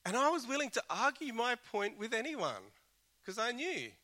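Male pastor preaching, bright forceful tone, earnest and chatty with frequent restarts. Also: very high voice, big pitch swings, normal speed. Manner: earnest, conversational with self-deprecating asides. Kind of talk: sermon.

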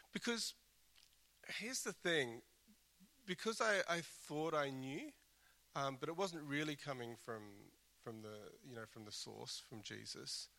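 A man giving a sermon, with a bright and forceful voice. He talks earnestly and conversationally, restarts phrases as he thinks aloud, and drops in the odd dry self-deprecating joke. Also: fairly high pitch. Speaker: pastor.

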